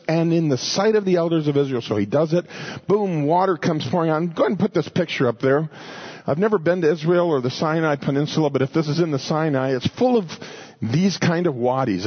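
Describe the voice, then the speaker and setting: A man's voice: on the high side, slightly rough, lo-fi sound. A man preaching a sermon, teaching through a passage, restarting phrases and acting out the quoted speakers. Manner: animated, repeats words, voices quoted people.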